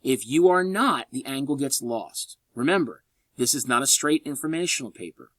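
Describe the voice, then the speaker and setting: Man, college English instructor, recorded lecture voice-over, animated delivery with wry asides, dry close sound. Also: mid-range voice, moderate pace, no room sound. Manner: lively, joking asides, sarcastic.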